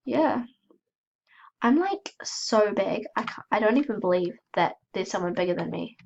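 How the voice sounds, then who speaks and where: A woman's voice: medium pitch, animated, moderate pace, vocal fry, a little mellow, muffled recording. A woman with a cold giving chatty, self-mocking commentary as she plays, gasping and squealing when startled. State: has a cold. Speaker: gaming channel host. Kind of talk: casual gameplay commentary.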